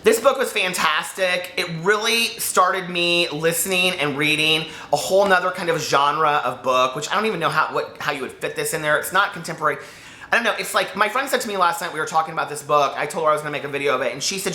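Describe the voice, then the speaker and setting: Excitable rambling man, bright and echoey. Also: fairly high pitch, a little fast. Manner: rambling, excitable, self-interrupting. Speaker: book reviewer. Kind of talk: casual chat to camera. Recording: echoey room.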